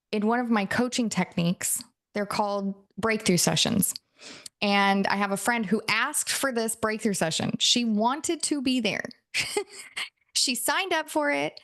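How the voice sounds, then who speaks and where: A woman's voice: fairly high pitch, fairly bright tone. A woman coach teaching a casual lesson, chatty, laughing often and acting out little quoted exchanges. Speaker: NLP coach.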